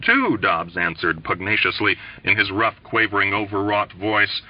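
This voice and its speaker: A man reading a novel aloud in a measured, expressive way. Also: low voice, distant mic. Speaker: audiobook reader. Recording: dull lo-fi recording.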